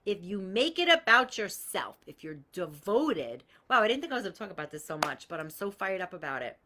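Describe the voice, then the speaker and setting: A woman's voice: medium pitch, big pitch swings, a little fast, bright, forceful tone, slight background noise. A woman hosting a live coaching call, talking bluntly and swearing freely as she gives everyday examples and greets viewers by name. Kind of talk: casual live-stream coaching talk.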